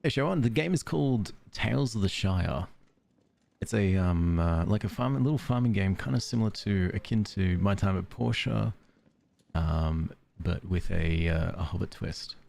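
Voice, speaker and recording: Deep, gravelly, and husky with a darkish tone, this Australian streamer chats loosely with viewers as he plays. He's rambling and self-deprecating, laughs under his breath a lot, and reads messages from chat out loud.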